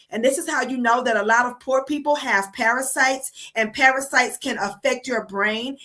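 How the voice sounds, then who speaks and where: Bright high-voiced woman ranting on stream. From United States. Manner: profane, heated and emphatic. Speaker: streamer host. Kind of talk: casual livestream rant.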